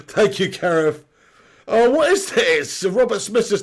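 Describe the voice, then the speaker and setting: Young guy hosting a footy watch-along stream, reads chat out, joking around, high voice, gravelly. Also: very animated, slow pace. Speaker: live stream host. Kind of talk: football watch-along commentary.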